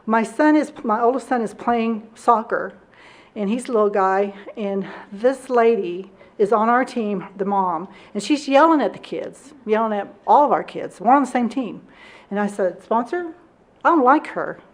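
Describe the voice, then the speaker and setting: A woman in her thirties giving a candid personal testimony at a recovery meeting, self-deprecating and quick to laugh. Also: medium pitch.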